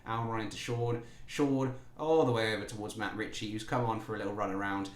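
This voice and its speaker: A man's voice: lowish voice, fairly even intonation, fast talker, hardly any pauses. Jokey man commentating a game. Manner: jokey, playful, talks to his players. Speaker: gaming YouTuber. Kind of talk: casual let's-play commentary. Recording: roomy echo.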